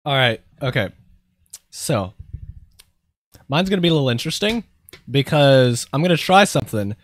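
A man's voice: mid-range voice, sing-song, moderate pace. A young man hosting a casual podcast, rambling and self-deprecating as he trails off and restarts mid-thought. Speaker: podcast host and voice actor.

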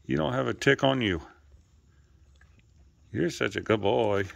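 A man talking to his pets outdoors in a coaxing, playful way, calling them in high sing-song baby talk and teasing them with mild swearing. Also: measured pace, vocal fry. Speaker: pet owner filming animals. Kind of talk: casual talk to animals.

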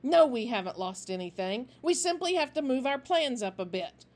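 A woman's voice: sing-song, normal speed, darkish tone. Woman doing Finch, a cold, menacing gang leader. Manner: low, menacing, icily composed. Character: volatile, cold-blooded male gang leader.

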